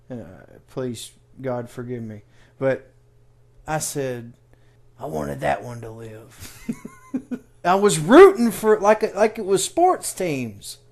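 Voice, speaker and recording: A man's voice: on the high side, a little mellow. Us guy on a podcast, rambly stop-start talk, voice swings up and down a lot. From United States. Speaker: podcast co-host. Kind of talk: casual chat.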